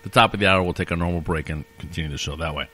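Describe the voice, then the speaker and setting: A man's voice: sits low, racing, sharp tone, a little hiss or hum. A man co-hosting a radio show, speaking briefly and matter-of-factly about timing and segments. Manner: brief, matter-of-fact, runs the schedule. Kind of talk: casual chat.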